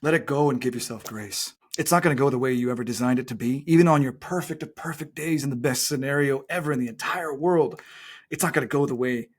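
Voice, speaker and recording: Fast-talking husky male coach. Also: medium pitch. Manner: earnest, motivational, stresses key phrases slowly. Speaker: guest business coach. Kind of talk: podcast conversation.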